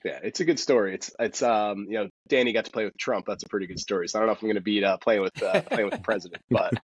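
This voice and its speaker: A golf instructor speaking as a podcast guest, a man who rattles through stories at a fast clip and keeps restarting his sentences. His voice is somewhat husky and a touch low. The sound is dry and a little dull, like lo-fi podcast audio. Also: no echo. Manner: rapid, animated storytelling with many restarts. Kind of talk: casual podcast interview.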